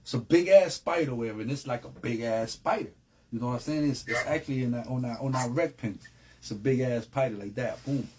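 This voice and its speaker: A man's voice: mid-range voice, fairly quick, warm tone, a little hiss or hum. A man, a guest telling a long story in a casual, streetwise way with heavy slang and repeated phrases. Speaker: interview guest.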